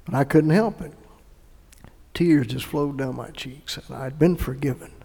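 A middle-aged man preaching a sermon and telling his own conversion story, earnest and moving between hushed recollection and emphatic appeals. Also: mid-range voice, measured pace, gravelly, slightly rough. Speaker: pastor. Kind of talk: sermon with personal testimony. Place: church sanctuary. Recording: echoey hall reverb.

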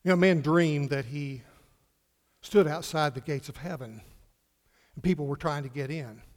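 Emphatic preacher in an echoing hall. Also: male voice, fairly high pitch, moderate pace. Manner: emphatic, swings from loud to hushed, repeats words. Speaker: pastor. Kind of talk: sermon. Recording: reverberant hall.

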